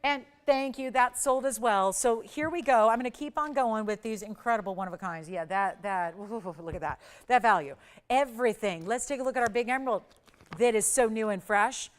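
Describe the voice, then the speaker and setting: A woman's voice: a little high, moderate pace. A woman in her forties hosting a live TV jewelry shopping show, gushing and chatty, often breaking off mid-sentence. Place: TV studio.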